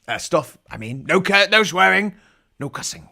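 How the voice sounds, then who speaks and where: Gravelly man doing pirate commentary. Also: high-pitched, very animated, moderate pace, sharp tone. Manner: growling pirate asides, irreverent and mock-solemn. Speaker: live-stream commentator. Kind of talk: jokey live commentary in a mock pirate voice. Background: faint music from the broadcast feed.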